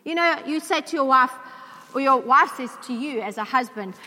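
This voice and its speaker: A woman's voice: sits high, expressive, moderate pace, pushed and bright. A woman preacher giving a sermon to a church congregation, emphatic, asking the congregation questions. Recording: long reverb of a large hall.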